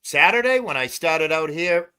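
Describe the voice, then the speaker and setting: A man's voice: a little high, animated, normal speed, sharp tone, smooth. An older man hosting a casual phone livestream, talking loosely with lots of swearing and laughter. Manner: loose, profane, laughs a lot. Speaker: livestream host.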